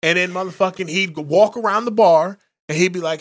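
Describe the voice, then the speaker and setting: A man co-hosting a talk show, slightly higher-voiced than the other host. He talks loosely, tells crude stories, and acts out other people's lines as he goes. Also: brisk. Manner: loose storytelling, acts out quotes. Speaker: podcast co-host. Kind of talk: casual crude chat.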